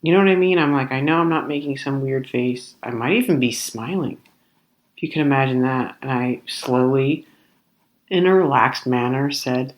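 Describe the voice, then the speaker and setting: Animated woman telling a story. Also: very deep voice, normal speed. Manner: animated, acts out the other people in her story; exasperated, rambling retelling. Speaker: podcast host. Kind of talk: comedic storytelling monologue.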